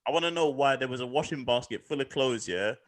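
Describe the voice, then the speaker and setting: A young man with a London accent, a podcast co-host in casual chat, animated, indignant and swearing. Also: mid-range voice, fast.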